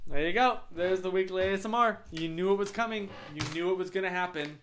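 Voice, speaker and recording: A young man with a hoarse, raspy throat, chatting casually on a live stream in a rambling, self-mocking way. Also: sits high, fast talker, noisy background.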